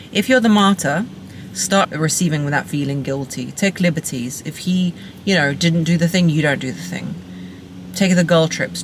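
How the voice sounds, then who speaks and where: Speaking straight to camera as a relationship coach, a woman hands out advice in an emphatic, playful and blunt way, repeating punchy phrases. Her voice is low, with a little hiss or hum in the recording.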